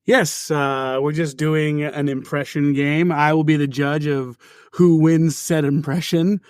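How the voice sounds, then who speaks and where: A man's voice: fairly high pitch, fairly even intonation, unhurried, a little mellow, smooth, dry recording, clean studio sound. A man co-hosting a podcast, running an impression game and laughing often. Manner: laughs a lot, playful game-show judging. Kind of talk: casual chat.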